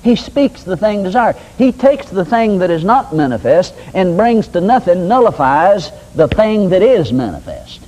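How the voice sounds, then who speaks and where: A man's voice: sits high, big pitch swings, moderate pace, hardly any pauses, dark tone, rough recording. An older man preaching a sermon in a folksy, conversational way with homespun examples. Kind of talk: sermon teaching.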